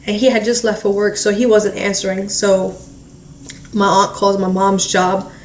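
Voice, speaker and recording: A woman's voice: mid-range voice, flat delivery. Woman telling a story, echoey distant mic. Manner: halting, heavy filler "like", re-enacts relatives' words. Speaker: family member recounting a loss. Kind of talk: emotional personal storytelling. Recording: echoey room, distant mic, faint hiss.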